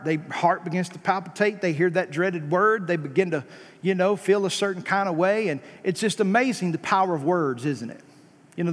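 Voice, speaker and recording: A man preaching a sermon, talking conversationally with rhetorical questions and punching key lines with emphatic rises before dropping low. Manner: emphatic, rising to high stressed peaks then dropping low. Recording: long hall reverb.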